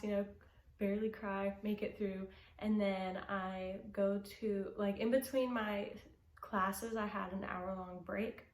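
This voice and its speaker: A young adult woman telling a personal story in a casual, animated way and acting out quotes with big pitch jumps. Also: normal speed. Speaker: youth ministry segment host. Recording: echoey room with faint noise.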